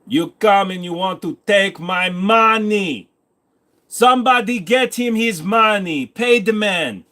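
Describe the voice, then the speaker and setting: A swaggering Russian gangster boss, put on by a man, drawing out each word with theatrical menace. His voice rides high and loud in a heavy put-on Russian accent. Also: exaggerated voice. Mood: gloating. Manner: slow, drawn-out, theatrical menace. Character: boastful Russian mob boss, middle-aged man.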